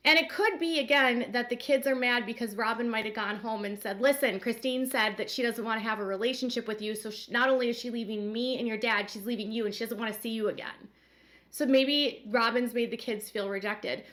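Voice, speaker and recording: A woman talks through a reality-show recap in a loose, chatty manner, full of "like"s and speculation. Her voice sits a little high for a woman. She sounds conversational and unscripted. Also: steady tone, fairly quick, fairly bright tone. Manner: chatty, speculative, many "like" fillers. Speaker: commentary host. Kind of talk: casual commentary recap.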